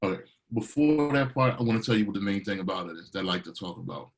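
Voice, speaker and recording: A man's voice: lowish voice, fast, faint music behind, poor audio. A middle-aged man from Baltimore, a DJ and producer talking casually in an interview, telling stories with a lot of energy and acting out what people said. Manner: animated storyteller, acts out quotes.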